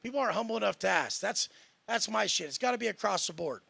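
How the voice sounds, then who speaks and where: A man's voice: high voice, lively intonation, quick pace, gravelly, sharp tone, slightly rough. A man in a heated panel debate, talking in a profane, boastful and combative way. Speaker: panel guest.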